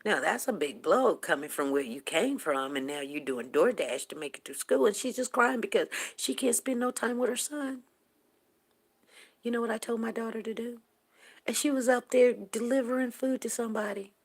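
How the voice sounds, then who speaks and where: A woman's voice: on the high side, lively intonation, normal speed, breathy edge. A woman in her fifties hosting a casual morning talk stream, telling rambling, chatty stories to her viewers. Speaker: morning talk show host. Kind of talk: casual chat on a livestream.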